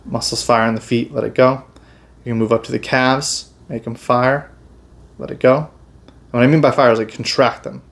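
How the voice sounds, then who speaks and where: A man, a chiropractor, explaining meditation and breathing techniques in a relaxed, casual way, with many fillers and restarts. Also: medium pitch, normal speed, gravelly. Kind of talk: casual health instruction.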